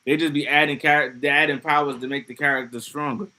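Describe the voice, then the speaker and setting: Man, livestreamer, casual chat, profane and loose, laughing asides, bright edgy tone. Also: on the high side, steady tone, quick pace.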